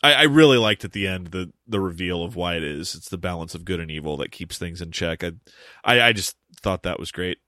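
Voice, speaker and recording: Male podcast co-host, lowish and punchy, emphatic and profane, dry close mic. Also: fairly quick, pushed and bright, dry recording. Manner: emphatic, swears freely, long explanations. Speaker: podcast co-host explaining pro wrestling. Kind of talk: casual podcast chat.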